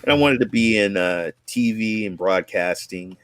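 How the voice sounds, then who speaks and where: A man's voice: lowish voice, normal speed, a bit bright, no room sound. A man in his forties, from Oakland, telling his life story in a rambling, casual way with many restarts and acted-out quotes. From Oakland, California. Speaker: guest, content creator.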